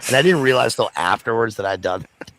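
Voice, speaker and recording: Deadpan male guest, dry delivery. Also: on the low side, quick pace, no room sound. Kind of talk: casual chat.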